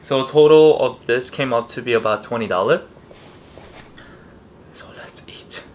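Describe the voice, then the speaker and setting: A man's voice: mid-range voice, fairly quick, a little hiss or hum. Laid-back man hosting a mukbang. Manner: relaxed, rambling, talks between bites. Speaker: mukbang host. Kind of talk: casual eating-show chat.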